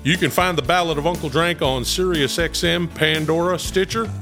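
An actor playing a folksy fictional country music star, with a twangy drawl, over music. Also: male voice, a little high, fairly even intonation, moderate pace, natural voice. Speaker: podcast ad voice.

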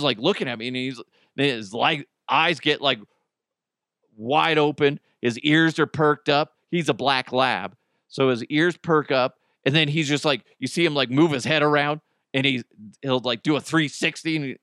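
A man's voice: mid-range voice, a bit bright, no echo, clean studio sound. A middle-aged man hosting a podcast in casual chat, rambling and joking, swearing freely and laughing often. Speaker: podcast host.

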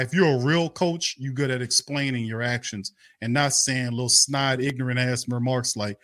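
A man's voice: medium pitch, normal speed, hardly any pauses, a bit bright, no echo. A man hosting a fan live stream, ranting in a heated, repetitive, cursing and scornful way. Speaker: sports fan show host. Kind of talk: angry live-stream rant.

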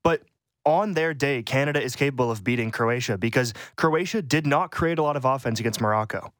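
A man's voice: medium pitch, fairly bright tone, no room sound, studio quality. A man co-hosting a sports show, talking casually and confidently, tripping over his first words. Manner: quick, confident, stumbles over starts.

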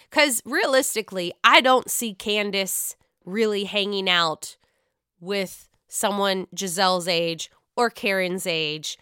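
Bright, crisp-voiced chatty woman. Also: mid-range voice, no echo, clean studio sound. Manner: chatty, profane, animated retelling. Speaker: podcast host recapping reality TV. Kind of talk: casual chat.

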